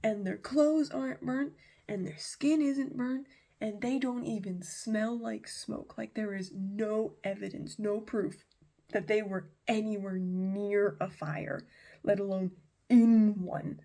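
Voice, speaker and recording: A woman's voice: medium pitch, fairly even intonation, slow, mellow. A woman retelling a Bible story in a chatty, slangy way with lots of asides.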